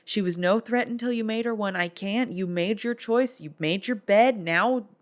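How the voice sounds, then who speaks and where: Lady doing a stern big brother, way high and squeaky, lecturing. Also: moderate pace, lightly acted. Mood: scolding. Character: the queen's scolding brother, a stern man.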